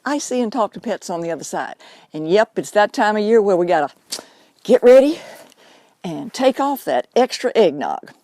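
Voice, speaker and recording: A woman speaking straight to her viewers in an earnest, explaining tone, stretching out key words to drive them home. Her voice sits at an ordinary middle pitch. The sound is dry and close, with no room echo. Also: big pitch swings, normal speed, dark tone. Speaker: animal medium hosting her own show. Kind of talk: unscripted direct-to-camera talk.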